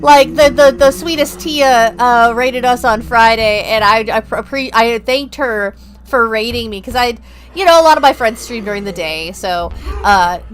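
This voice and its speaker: A woman's voice: fairly high pitch, normal speed, slight background noise, poor audio. Chatty young woman streaming a game. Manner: chatty, bubbly, self-deprecating. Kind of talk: casual gameplay chat. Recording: game music underneath.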